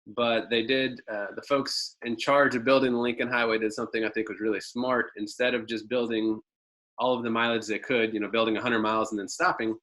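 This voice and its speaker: A man's voice: mid-range voice, level tone, brisk, a bit bright, low-quality recording. A man presenting a marketing webinar over a video call, telling a folksy story with lots of ums and uhs.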